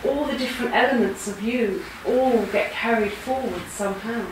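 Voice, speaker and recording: A woman's voice: a little high, moderate pace. A woman patiently explaining her ideas step by step in casual talk. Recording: very echoey room, speaker far from mic, noisy.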